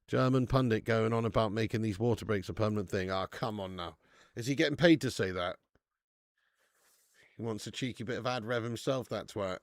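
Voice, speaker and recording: Man, football watch-along streamer, gravelly voice, casual sweary banter with loud shout-outs. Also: on the low side, a little fast, dry recording, clean studio sound. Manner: casual and sweary, with loud bursts of hype thanking viewers. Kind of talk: live football watch-along chat reading out viewer tips.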